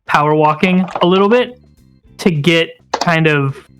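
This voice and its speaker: A man's voice: a little high, a little slow, fairly bright tone, soft background music. A man playing in a tabletop role-playing game, hesitant and thinking aloud. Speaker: player.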